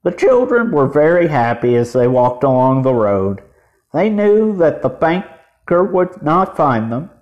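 Slow, deliberate male storyteller. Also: fairly high pitch, big pitch swings, dull audio. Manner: measured, deliberate. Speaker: narrator. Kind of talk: children's storybook reading.

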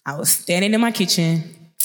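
A woman in her twenties with a thick Mississippi Southern accent, hosting a podcast in a chatty, upbeat monologue that speeds up when she gets excited. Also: lowish voice, moderate pace. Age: 20s. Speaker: podcast host. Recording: long reverb.

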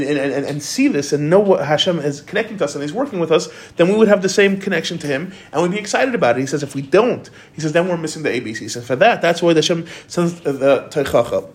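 A man giving an informal Torah class, talking conversationally and quoting commentators. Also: on the high side.

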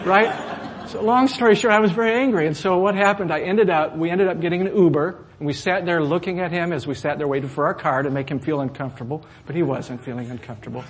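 A middle-aged male pastor telling a personal story in a sermon, swinging from loud, animated outbursts to soft asides. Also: a little high, fast, slight background noise. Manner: animated storyteller, rising loud when acting out anger, dropping soft for asides.

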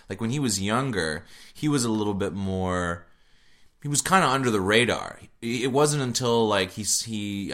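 A man co-hosting a casual football podcast, talking in an animated, rambling way with many restarts. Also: fairly low pitch. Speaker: podcast co-host. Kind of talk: casual sports chat. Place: Madrid.

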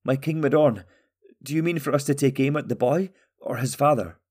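A man's voice: mid-range voice, moderate pace, a little mellow, breathy edge, voice pushed up, natural voice. Respectful, uncertain soldier, read by a man. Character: loyal young soldier, uncertain.

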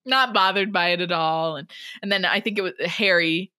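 A woman's voice: lowish voice, normal speed, bright, forceful tone, smooth. A woman co-hosting a podcast, chatting animatedly as she retells a book chapter. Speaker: podcast co-host. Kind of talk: casual chat recapping a book.

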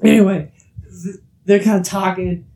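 A man's voice: sits high, moderate pace, gravelly, poor audio. A young man in casual podcast chat, animatedly telling a story and acting out the voices in it. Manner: animated, acts out quoted voices. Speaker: podcast co-host.

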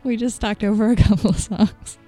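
A woman in her thirties co-hosting a casual chat, relaxed and rambling, laughing often. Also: mid-range voice, fairly quick, soft background music. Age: 30s. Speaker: podcast co-host.

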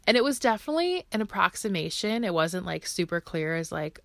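A woman's voice: lowish voice, expressive, fairly quick, creaky, no room sound. A woman in her thirties hosting a personal podcast, talking in a heartfelt, emotional way and laughing now and then. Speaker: podcast host.

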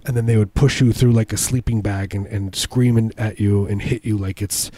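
A man with a low, mellow voice riffs through absurd stories in a casual comedic chat. He restarts his sentences often and breaks into squeaky voices when quoting people. The sound is close and dry. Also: steady tone, normal speed, no echo. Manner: rambling, absurd storytelling with many restarts; jumps into high squeaky voices for quoted people.

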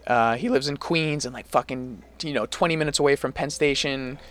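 A young man co-hosting a podcast, casually telling an animated story full of swearing. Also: mid-range voice, brisk. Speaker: podcast co-host. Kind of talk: casual chat.

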